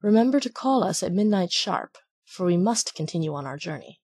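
A woman voicing a crafty male fox who gives smooth orders, in a husky voice. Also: fairly low pitch, lively intonation, fairly quick, a little mellow, dry recording, clean studio sound. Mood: scheming.

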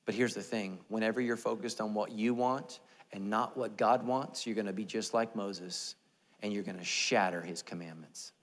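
A man's voice: on the low side, moderate pace. A man preaching a sermon as pastor, in a humorous, self-deprecating, conversational way. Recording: echoey church hall.

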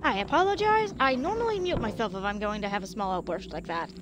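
A woman's voice: mid-range voice, fast talker. A young woman streaming a game live, talking to the characters, getting frustrated and swearing. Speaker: gaming streamer. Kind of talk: live gameplay commentary. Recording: noisy background.

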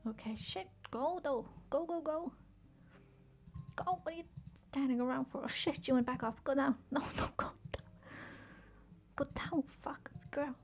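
A woman's voice: sits high, a little slow, pauses often. A woman gaming streamer giving playful, casual commentary, swearing freely and talking to her game character.

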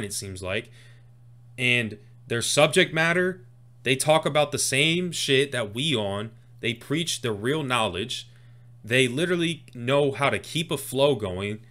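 A man reacting to a rap freestyle, his voice bright and forceful as he explains each line. He talks in a loose, casual way and gets excited as he unpacks the wordplay. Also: medium pitch. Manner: excitable, breaks down lyrics line by line. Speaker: music reaction host.

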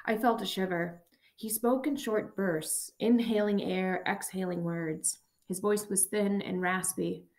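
A woman narrates a first-person memoir for an audiobook, in a voice of middle pitch. Her reading is measured, quiet and somber throughout. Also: steady tone.

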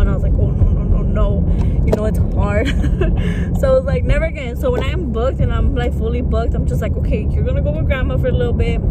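A young woman, a vlogger and makeup artist, chatting candidly to camera, swearing freely and mixing into her English. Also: on the high side. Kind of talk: casual chat to camera. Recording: noisy traffic background.

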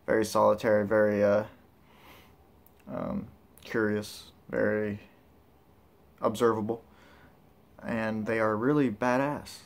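A man's voice: on the low side, level tone, slow pace, creaky, long pauses. A man talking casually to camera as a vlogger, rambling and candid with lots of filler words. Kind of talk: casual vlog talk.

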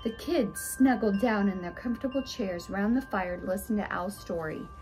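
A woman reading a children's storybook aloud in an expressive, sing-song way. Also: medium pitch, normal speed, music in the background. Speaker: storybook reader.

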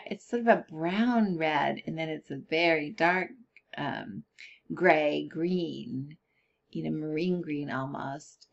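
A woman's voice: fairly low pitch, vocal fry, dull audio. A middle-aged woman giving a casual spoken critique of colored pencil art, thinking aloud with fillers and restarts.

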